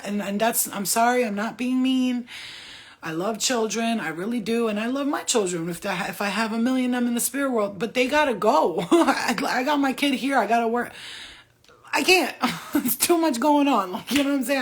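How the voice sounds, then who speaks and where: A woman giving a spiritual reading in a casual, blunt and profane way, laughing often as she talks. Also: medium pitch. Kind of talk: casual spiritual channeling talk.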